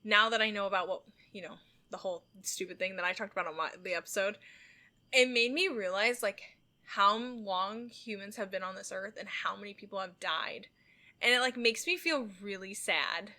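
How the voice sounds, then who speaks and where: A woman's voice: medium pitch, normal speed, bright, forceful tone. A young woman co-hosting a casual podcast, earnest and rambling, full of "like". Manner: earnest, rambling, heavy use of "like". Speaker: podcast co-host.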